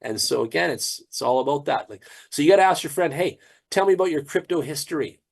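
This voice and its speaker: A man's voice: a little high, expressive, fast talker, creaky. A man promoting a crypto platform in a casual, preachy pep talk, often repeating words.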